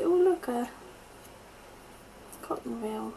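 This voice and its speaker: A middle-aged woman gushing softly as she opens a parcel at home, with lots of delighted exclamations. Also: fairly high pitch, slow pace, noisy background. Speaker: vlogger opening happy mail. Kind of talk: unboxing chat. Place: at home in a conservatory.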